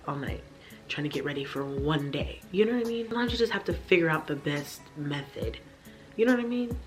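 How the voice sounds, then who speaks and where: A young woman talks to her camera from her bedroom, her low voice worn down by a stressful day. She speaks candidly and swears freely, addressing her viewers directly. A faint music bed plays under her talk. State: tired and stressed. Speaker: vlogger, mother.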